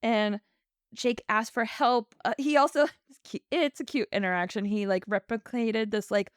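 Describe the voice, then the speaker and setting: A woman's voice: fairly high pitch, fairly even intonation, moderate pace, smooth, no room sound, studio quality. A woman co-hosting a podcast, recapping an episode in casual chat, laughing often and acting out the characters' lines. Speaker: podcast co-host.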